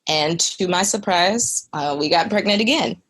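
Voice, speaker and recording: A woman's voice: on the low side, normal speed, a bit bright, breathy edge. A young woman who is a podcast guest, telling a personal story in a candid, earnest way with lots of conversational fillers.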